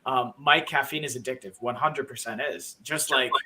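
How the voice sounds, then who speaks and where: A man's voice: medium pitch, moderate pace, very noisy. A man co-hosting a live stream, chatting casually and answering viewers. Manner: chatty, says dude and like.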